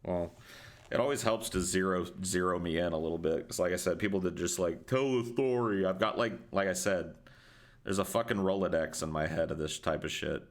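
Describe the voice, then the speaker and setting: Deep-voiced male podcast co-host, crude, rambling storyteller. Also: a little fast. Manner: profane, rambling, laughs often. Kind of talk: casual storytelling.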